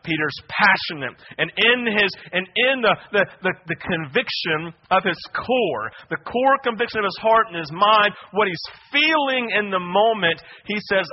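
A young man preaching a sermon, telling stories in a lively way and often asking "right?" to his listeners. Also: high-pitched, normal speed, hardly any pauses. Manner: animated storytelling with asides like "right?". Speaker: pastor. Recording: dull lo-fi audio.

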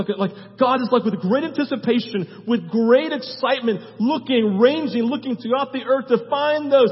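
A man with a high voice preaching a sermon, stacking long repeated lists and checking in with "right?". His voice rings with a long hall reverb and sounds dull and muffled. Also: moderate pace, few pauses. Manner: emphatic, repeats lists, tags phrases with "right?". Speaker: pastor.

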